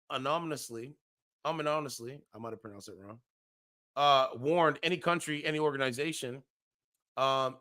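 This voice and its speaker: A man's voice: a little high, bright, forceful tone. A man hosting a casual commentary show, reading an article aloud and stumbling over words, correcting himself, and breaking off into slangy asides.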